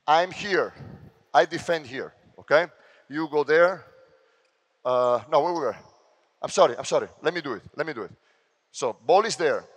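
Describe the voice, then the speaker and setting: An Italian-accented man coaches players through defensive drills, mixing brisk explanations with sharp shouted cues. His voice sits a little high for a man. The sound carries the long reverb of a large gym. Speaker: basketball coach. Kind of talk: on-court coaching clinic.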